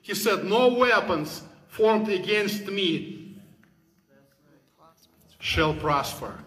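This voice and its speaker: A man's voice: high-pitched, animated, drawn-out words, a bit bright. A man from the former Soviet Union, giving a fervent, preaching speech in broken English. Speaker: guest speaker. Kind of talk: impassioned speech. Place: hall. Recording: echoey hall recording.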